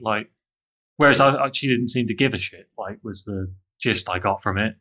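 Candid bright-voiced man. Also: mid-range voice, fairly quick. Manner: candid, self-critical, many restarts. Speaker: interviewee. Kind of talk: reflective personal story.

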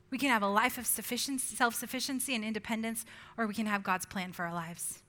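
A woman in her forties preaching a sermon, moving from earnest exhortation to soft whispered asides and playful family storytelling. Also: fairly high pitch, fast talker, few pauses. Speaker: pastor.

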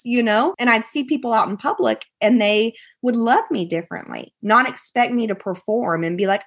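A woman's voice: fairly high pitch, normal speed, few pauses. Earnest woman guest giving heartfelt advice. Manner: emphatic, repeats phrases, acts out friends' voices. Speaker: podcast guest.

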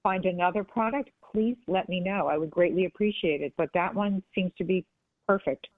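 A woman's voice: on the low side, a little fast, dry recording. A woman guest talking casually and earnestly in an interview, often restarting her sentences. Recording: tinny phone line.

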